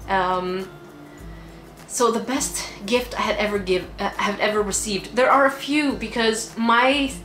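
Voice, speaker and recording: Young woman vlogger, sick and tired but chatty, laughs a lot, mid pitch, echoey room. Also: unhurried, fairly bright tone. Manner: chatty and emotional, laughing often. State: unwell, tired. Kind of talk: casual chat. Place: bedroom at home. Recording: echoey room with faint music.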